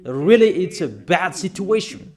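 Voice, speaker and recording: A man preaching a sermon, admonishing his listeners emphatically with slow, deliberate phrasing, pauses and rhetorical questions. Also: high voice, big pitch swings, darkish tone.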